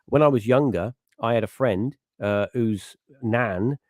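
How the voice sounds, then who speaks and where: A man's voice: mid-range voice, measured pace, a little mellow, no echo, studio quality. A middle-aged man hosting a podcast in casual chat, rambling and breaking off to act out little quotes. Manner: rambling, self-interrupting, acts out quotes. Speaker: podcast host.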